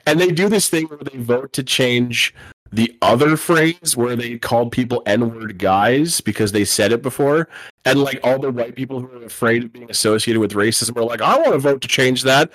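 A man's voice: medium pitch, normal speed, dry recording. A man co-hosting a casual podcast chat, rambling and swearing freely, now and then acting out mocking voices. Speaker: podcast co-host.

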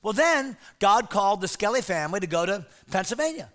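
A middle-aged man preaching as a pastor, telling a comic story to teenagers with lively, shouted bits. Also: high-pitched, a little fast. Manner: animated storyteller, shouts put-on voices. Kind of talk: comic sermon to teens.

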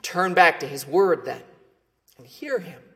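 A man's voice: high voice, sing-song, a little slow, a bit bright. A man preaching a sermon as pastor, earnest and emphatic, with phrase endings that fall away.

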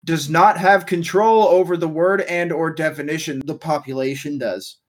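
A man's voice: fairly high pitch, fairly even intonation, moderate pace. A man hosting a casual podcast chat, running the segments assertively and laughing easily. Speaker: podcast host.

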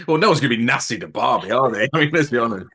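A man's voice: medium pitch, expressive, fast, bright, forceful tone, breathy edge. A man hosting an interview podcast, bantering with his guest and laughing often. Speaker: podcast host. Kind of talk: casual interview chat.

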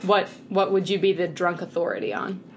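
A woman's voice: fairly low pitch, steady tone, fairly quick, a little hiss or hum. Chatty, giggly woman co-host. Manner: chatty, laughs often, rambling explanations. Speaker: podcast co-host. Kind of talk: casual chat.

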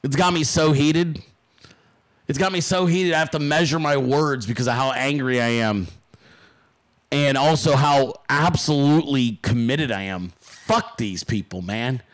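A man's voice: fairly high pitch, normal speed. A man hosting his podcast, delivering a heated political rant full of profanity and emphatic repetition. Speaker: podcast host.

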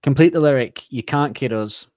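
A man's voice: mid-range voice, fairly quick, a little mellow, no echo, studio quality. A man from England hosting a casual quiz on a podcast, chatty and teasing, laughing often. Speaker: podcast host running a quiz.

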